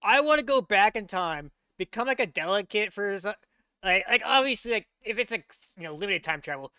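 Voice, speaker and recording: A man's voice: sits high, expressive, brisk, pushed and bright, smooth, dry recording. A young man hosting a casual reaction stream, rambling with many fillers and laughs into a desk mic. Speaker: VTuber reaction host.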